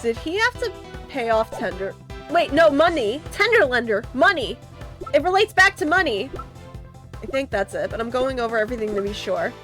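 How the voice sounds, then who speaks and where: A woman's voice: sits high, sing-song, normal speed, a bit bright, soft background music. A woman streamer casually thinking aloud while playing a game, giggly.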